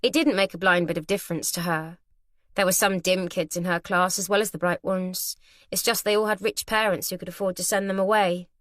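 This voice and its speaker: A woman's voice: fairly low pitch, no echo. Woman narrating a thriller audiobook, dry. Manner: measured, steady storytelling. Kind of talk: scripted narration.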